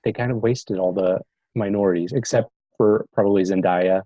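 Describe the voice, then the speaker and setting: A man guesting on a movie podcast, chatting in a relaxed, hesitant way with lots of fillers. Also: lowish voice, moderate pace, no echo. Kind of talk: casual chat. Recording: dull, dry lo-fi sound.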